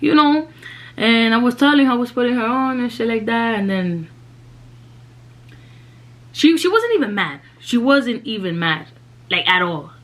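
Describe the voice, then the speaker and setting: Young new woman telling a storytime, slangy and animated, drops spanish here and there. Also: on the high side, normal speed, long pauses, a little hiss or hum. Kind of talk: casual storytime vlog.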